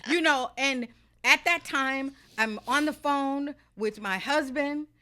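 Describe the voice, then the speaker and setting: Emphatic high bright-voiced woman storyteller. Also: slow pace. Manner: emphatic, confiding, repeats for emphasis. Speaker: podcast guest, salon founder. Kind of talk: animated personal storytelling.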